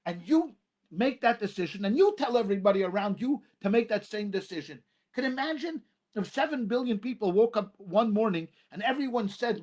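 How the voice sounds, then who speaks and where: A man, a rabbi, preaching a sermon with emphatic repetition and dramatic pauses. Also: very high voice, lively intonation, a little mellow.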